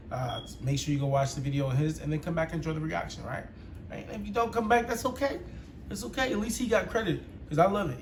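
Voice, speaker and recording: A man hosting a reaction video, chatting casually and excitedly to his viewers. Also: on the high side, slight background noise. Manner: hyped, chatty, laughs loudly.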